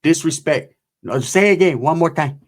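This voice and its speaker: A man voicing a terse immigrant man who speaks in clipped, halting English. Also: a little high, natural voice. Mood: insistent.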